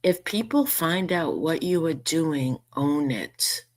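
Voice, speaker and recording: A woman's voice: low-pitched, very animated, takes it slowly. A woman vlogging casual commentary, indignant and sarcastic as she reads out messages and mocks them. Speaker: YouTuber responding to a message.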